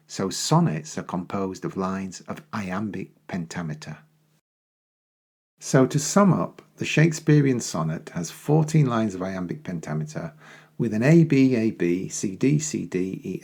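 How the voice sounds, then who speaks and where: A man giving a poetry lesson, explaining in a measured way and slowing down to recite verse. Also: lowish voice, sing-song, creaky, a little mellow, breathy edge. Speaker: teacher.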